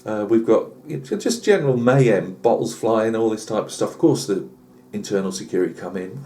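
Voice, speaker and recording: A man's voice: on the low side, lively intonation, brisk, few pauses, mellow, slight background noise. A British man telling a rambling comic tall tale on his channel, full of asides and fillers. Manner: chatty, lots of asides and fillers. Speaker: channel host.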